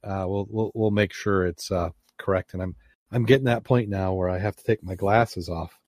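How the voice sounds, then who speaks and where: A man hosting a podcast in casual chat, talking in halting starts. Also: low-pitched, steady tone, darkish tone, dry recording, clean studio sound. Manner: halting, hesitant. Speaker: podcast host.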